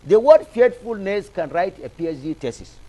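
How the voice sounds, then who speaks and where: Heard through poor audio, the Nigerian guest analyst speaks at a normal pace in a high-pitched, mellow, very animated voice. He offers fervent, rhetorical commentary built on repeated phrases in a TV talk show studio.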